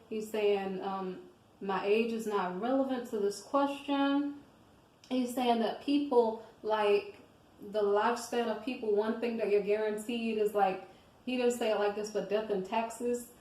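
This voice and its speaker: A woman's voice: fairly high pitch, unhurried, darkish tone, reverberant, rough recording. A woman giving casual devotional commentary on scripture, talking in a rambling conversational way and often checking in with her listeners.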